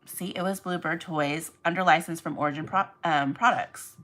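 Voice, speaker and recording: A woman with a fairly low voice and a bright, forceful tone chats casually on a livestream as she packs orders. She rambles and drifts onto tangents, calling out to her viewers by name. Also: moderate pace, low-quality recording. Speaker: online reseller livestream host. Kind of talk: casual livestream chat while packing orders.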